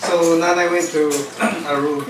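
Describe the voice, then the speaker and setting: A middle-aged family member recounts a frightening memory, halting and repeating themselves. The voice is distant in an echoey room. Other voices murmur around it. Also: medium pitch, flat delivery, crowd noise. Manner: halting, repetitive. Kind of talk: casual family storytelling.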